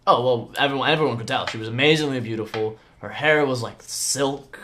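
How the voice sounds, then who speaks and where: A man's voice: medium pitch, a little fast, fairly bright tone, slight background noise. A man running a tabletop game, narrating casually with fillers and answering players in character. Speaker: game master.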